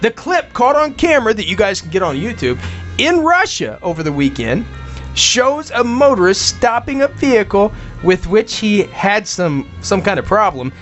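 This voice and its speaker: A man's voice: high-pitched, big pitch swings, normal speed, a bit bright. A man co-hosting a comedic podcast, joking and laughing as he reads out odd news stories. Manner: jokey, laughing while reading news stories. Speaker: co-host. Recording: dull lo-fi podcast audio with faint music.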